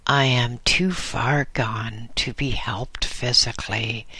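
A man's voice: medium pitch, fairly even intonation, pushed and bright, slightly rough, no room sound, exaggerated voice. A man reading the part of a sick, dying male silversmith who speaks in a weak, bitter voice. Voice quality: weak, faint voice. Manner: bitter, halting.

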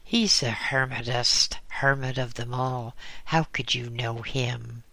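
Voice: mid-range voice, fairly even intonation, slow pace, gravelly, bright, forceful tone, dry recording, full character voice. A reader voicing blunt woman Lotta. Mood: plain.

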